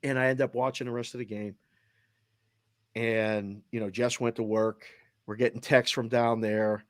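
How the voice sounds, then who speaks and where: Medium-pitched with little pitch movement, at a normal speed, a middle-aged Boston-accented man tells a heartfelt family story in animated, casual fashion, quoting voices along the way. He hosts a sports betting show, and the recording is dry and studio quality.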